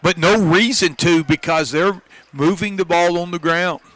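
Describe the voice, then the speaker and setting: A man adds color commentary between plays of a high school football game and explains why each one worked. His voice sits a bit high and sounds bright. He talks in an analytical, agreeable way. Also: a little slow, dry recording. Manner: analytical, agreeing with the play caller.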